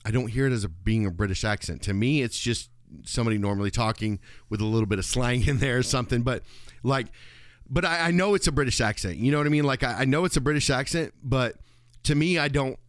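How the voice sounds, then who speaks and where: A man's voice: mid-range voice, quick pace, dry recording, studio quality. A man co-hosting a podcast in casual chat, rambling and restarting his sentences. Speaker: podcast co-host.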